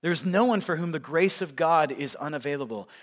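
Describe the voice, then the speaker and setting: A man preaching a sermon, swinging from loud, emphatic lines to hushed, quiet ones as he works through a passage. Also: on the high side, lively intonation, fairly quick. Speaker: pastor.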